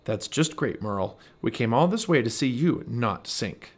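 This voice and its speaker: A man's voice: medium pitch, animated, normal speed, close to an everyday voice. A man voicing a sensible, fussy female squirrel in a read-aloud storybook, dry and scolding. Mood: grumpy.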